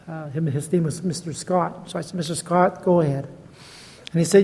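A man's voice: a little high, brisk, dark tone, long reverb tail. A man in his sixties, a guest preacher, telling stories in a chatty, self-deprecating sermon. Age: 60s. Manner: chatty, self-deprecating, laughs at own jokes. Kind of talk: storytelling sermon.

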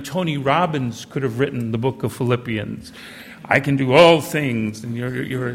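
An old man preaching a sermon, reading scripture in a measured way and breaking into conversational asides. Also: medium pitch, gravelly, a bit bright, big-room sound. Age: older. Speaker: pastor.

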